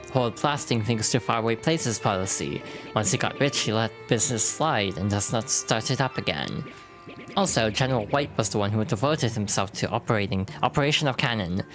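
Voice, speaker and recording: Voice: medium pitch, close to an everyday voice. Streamer as a stubborn bomb-creature official, curt, clipped broken English; game voice.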